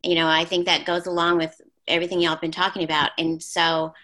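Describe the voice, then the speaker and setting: A woman's voice: on the low side, flat delivery, fast, pushed and bright, low-quality recording. A woman on a podcast casually sharing a work story, thinking aloud with some hesitation. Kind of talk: casual chat.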